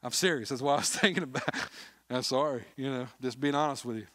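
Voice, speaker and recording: A man preaching a sermon as a pastor, telling a story in an earnest way, dropping to a hush and then rising to loud appeals. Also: mid-range voice, quick pace, no echo, clean studio sound. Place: church sanctuary.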